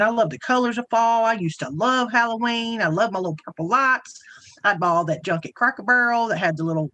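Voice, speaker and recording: A woman's voice: fairly low pitch, a bit bright. Folksy Southern woman chatting on a livestream. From Southern United States. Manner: chatty, folksy, rambling with frequent restarts. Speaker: co-host. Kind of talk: casual livestream round-table chat.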